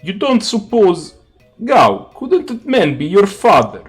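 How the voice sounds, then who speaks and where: A man putting on a gruff, mobster-ish old game character. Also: sits high, huge pitch swings, slow, faint music behind, full character voice. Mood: bossy. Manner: heavy put-on accent that drifts toward a mobster. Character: gruff older man with a clumsy Russian-ish accent.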